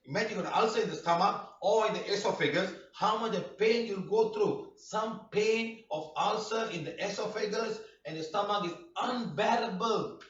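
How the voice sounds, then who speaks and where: Emphatic high-voiced man. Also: moderate pace, hardly any pauses. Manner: emphatic, shouting, with many rhetorical questions. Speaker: healing workshop teacher. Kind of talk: classroom lecture. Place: workshop room. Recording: roomy, distant, dull lo-fi room recording.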